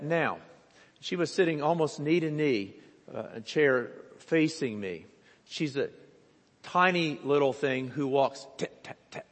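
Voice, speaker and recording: A man preaching a sermon as pastor, telling a story slowly and deliberately with voices for the people in it. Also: medium pitch. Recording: long reverb of a church hall.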